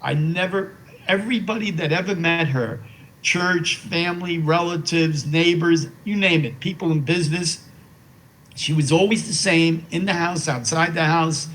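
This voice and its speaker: A man's voice: on the high side, moderate pace, fairly bright tone, slight background noise, poor audio. Older man, rambling and heartfelt. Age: 80s. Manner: rambling, repeats words and says "you know" often. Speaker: interview guest. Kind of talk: heartfelt conversational storytelling.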